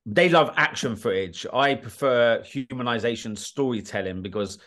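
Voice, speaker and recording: A man's voice: mid-range voice, normal speed. Blunt British man telling war stories. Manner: animated, blunt, swears, often asks "do you know what I mean". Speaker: guest, war documentary filmmaker. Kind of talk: casual interview storytelling.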